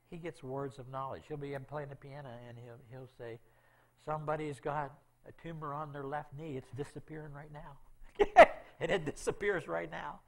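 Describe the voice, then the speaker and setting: A middle-aged man shares a heartfelt missionary testimony from the pulpit. His voice has a gravelly edge, and he keeps checking in with the congregation as he tells the story. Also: medium pitch. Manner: emotional storytelling with frequent "okay?" asides. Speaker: missionary speaker. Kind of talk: testimony in a church talk.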